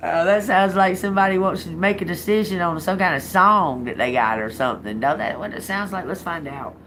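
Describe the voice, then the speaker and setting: A woman's voice: on the low side, normal speed, fairly bright tone, a little hiss or hum. A woman doing a live-stream tarot reading, talking casually and profanely, laughing often and trailing off into restarts. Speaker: tarot reader.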